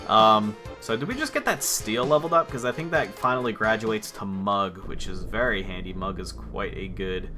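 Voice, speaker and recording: A man's voice: lowish voice, expressive, normal speed, few pauses, over music. A man hosting a let's play, chatting casually with joking, profane, rambling asides. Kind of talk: casual gaming commentary.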